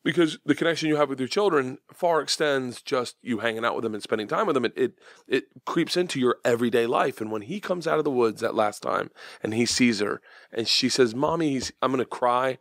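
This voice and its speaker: A comedian man in his forties, a podcast guest telling stories in a high-energy, swearing way, with sudden shrieks and acted quotes. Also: brisk, fairly bright tone, no echo, clean studio sound. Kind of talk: casual podcast chat.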